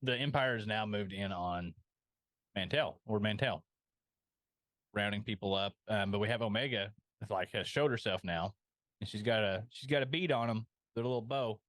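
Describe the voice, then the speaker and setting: A man with a somewhat low voice talks through an episode in casual podcast conversation. He hesitates often, filling pauses with ums. The recording is dry, with little room sound. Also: a bit bright, no room sound. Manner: hesitant, lots of ums and restarts. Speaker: podcast co-host.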